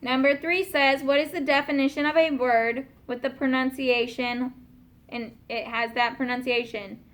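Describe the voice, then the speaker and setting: Lady teacher with a high voice, patient, walks kids through a worksheet. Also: steady tone. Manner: patient, slows down to spell out words. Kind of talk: classroom teaching.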